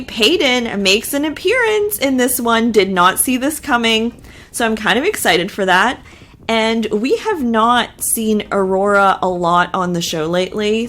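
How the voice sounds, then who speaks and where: A woman in the host seat of a casual TV recap, chatting through the episode in her ordinary middle-pitched voice. She is opinionated and loose, with fillers and quick asides sprinkled throughout. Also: fairly bright tone.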